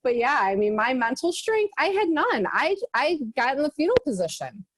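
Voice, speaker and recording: A woman on a group video call who tells a story with lively energy and laughs often. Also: high-pitched, moderate pace, slight background noise, rough recording. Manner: animated, laughs often while telling stories. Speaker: book study participant.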